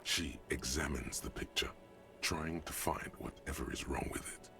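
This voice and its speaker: A man voicing the gravelly male narrator of a detective video game, reading scripted narration. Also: moderate pace, pushed and bright, faint music behind, heavily acted. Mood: wry. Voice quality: gravelly, very low.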